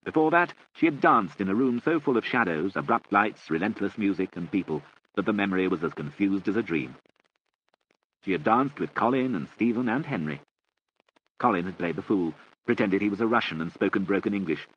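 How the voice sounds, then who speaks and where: Low-voiced man narrating a novel. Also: expressive, brisk, breathy edge. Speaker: audiobook narrator. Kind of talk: scripted narration. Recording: muffled recording with faint hiss.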